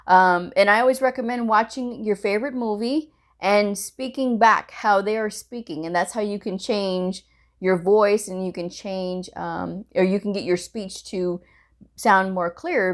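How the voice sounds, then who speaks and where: A woman hosting a medical coding channel, giving blunt career advice in a casual vlog with frequent laughs. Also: lowish voice. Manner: blunt, direct, laughs often.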